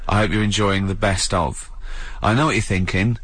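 Man, radio host, husky, dry close sound, animated banter, frequent laughs. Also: fairly low pitch, moderate pace, no room sound. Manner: laughs often, animated storytelling.

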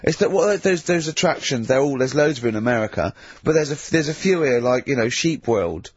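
A man's voice: medium pitch, expressive, a little fast, breathy edge, no room sound. A man in casual chat, talking in a chatty, knowing way and repeating himself. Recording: dry lo-fi recording.

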